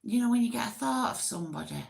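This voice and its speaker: A woman's voice: a little high, expressive, quick pace, gravelly, darkish tone. A woman hosting a casual, rambling live chat with viewers, giggly and self-deprecating. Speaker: livestream host.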